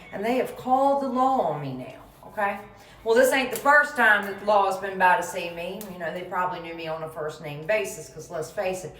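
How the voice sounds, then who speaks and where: A woman's voice: mid-range voice, a bit bright. A middle-aged woman, telling a story from her youth in a folksy, emphatic way. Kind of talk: casual storytelling to camera. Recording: roomy, voice from a distance.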